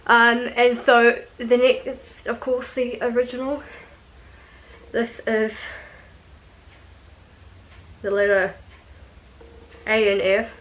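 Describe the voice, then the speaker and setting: A young woman in casual vlog chat, easygoing and rambling, with plenty of fillers and small laughs. Her voice sits a touch higher than most women's. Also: level tone, slow, long pauses, a bit bright, low-quality recording. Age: young adult. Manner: chatty, rambling, with frequent ums and laughs. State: out of breath. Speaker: vlogger.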